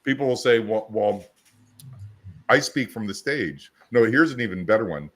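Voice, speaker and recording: Guy on a coaching podcast, kinda low voice, pushy and direct, tells stories. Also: expressive, moderate pace, fairly bright tone. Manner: assertive, storytelling with acted-out quotes. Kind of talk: casual podcast chat.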